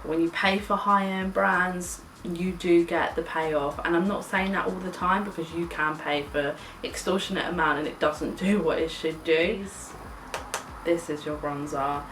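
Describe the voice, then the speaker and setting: A woman's voice: lowish voice, fairly even intonation, measured pace, fairly bright tone, far from the mic. A young woman chatting casually while doing her makeup, gushing and chatty, swearing now and then. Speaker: beauty vlogger. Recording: echoey room, mic set back, faint hiss.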